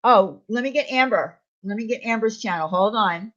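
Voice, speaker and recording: A woman's voice: medium pitch, moderate pace. A woman hosting a casual live stream, chatting with viewers and reading their comments aloud. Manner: chatty, reassuring, talks to chat by name. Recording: slightly dull lo-fi stream audio.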